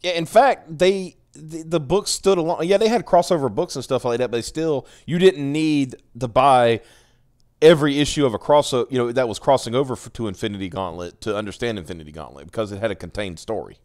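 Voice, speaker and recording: A man's voice: medium pitch, fairly quick, a little mellow, no echo, studio quality. A man co-hosting a casual livestream chat, talking profanely and getting heated, laughing often. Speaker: podcast co-host.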